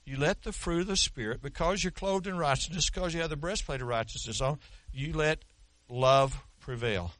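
Brief: pastor in his 60s, forceful, folksy sermon, dry close sound. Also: on the high side, moderate pace, no echo. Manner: folksy storytelling with humor.

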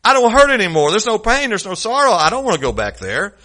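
A high, pleading male voice for a man hauled back from paradise, folksy and aggrieved, as a preacher acts him out. The tone rides up in pitch and carries a bright, forceful edge. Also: wildly swooping pitch, quick pace, exaggerated voice. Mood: protesting. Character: plaintive man resurrected from heaven, protesting.

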